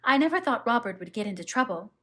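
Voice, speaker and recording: A woman's voice: on the high side, animated, fast talker, sharp tone, voice pushed up. A woman reading the lines of a shy, anxious young bride in an audiobook, in a hesitant, flustered manner. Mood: apologetic.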